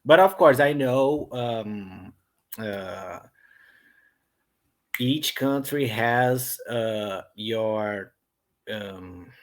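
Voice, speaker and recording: A man's voice: on the low side, extremely slow, pauses often. A young Brazilian man with a Brazilian accent, a Portuguese speaker talking in English on a video call as a student, hesitant and full of fillers and restarts. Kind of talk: online English lesson conversation. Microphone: computer headset or laptop mic on a video call.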